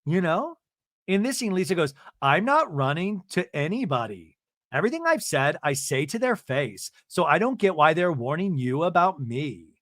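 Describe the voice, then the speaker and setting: Male host in his thirties, comic recapper, bouncy higher pitch, dry close mic. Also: moderate pace, dry recording. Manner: animated, mimics cast members in exaggerated voices. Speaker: podcast host recapping a reality show. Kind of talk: comedic recap with mock quotes.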